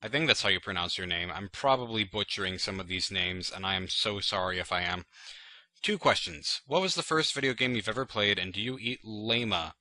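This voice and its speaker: A man's voice: low-pitched, animated, a little fast, pushed and bright. A man hosting his channel, answering viewer questions in a rambling, casual chat full of fillers and self-deprecating jokes. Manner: rambling and chatty, full of "like" and "you know".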